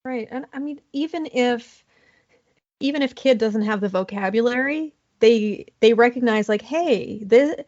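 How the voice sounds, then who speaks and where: A woman therapist talking as an interview guest, in a casual, animated way. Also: a little high, moderate pace, highs cut off. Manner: animated, acts out quoted voices.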